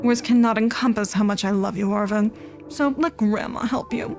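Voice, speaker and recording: A woman voicing a gentle, doting old grandmother on the phone, speaking slowly and soothingly. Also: mid-range voice, over music, lightly acted. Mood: firm caring. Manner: slow, soothing and affectionate.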